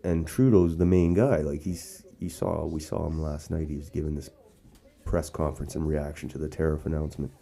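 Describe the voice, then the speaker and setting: A man's voice: very deep voice, steady tone, fairly quick, gravelly, warm tone. A man from Canada hosting casual political commentary, rambling with frequent restarts and asides. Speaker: host. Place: outdoors or casual setting in Sarnia.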